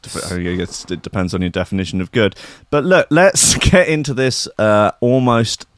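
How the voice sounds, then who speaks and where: A man hosts a podcast in casual chat, teasing and bantering with his guest. His voice sits at a middling pitch for a man. The sound is dry and close. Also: big pitch swings, normal speed, no echo. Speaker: podcast host.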